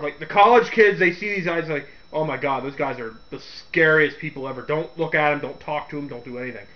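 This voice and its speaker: A man hosting a radio segment, giving a casual, rambling movie review with frequent laughs and quick character impressions. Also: a little high, muffled recording. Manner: rambling, laughs often, acts out quotes in character voices.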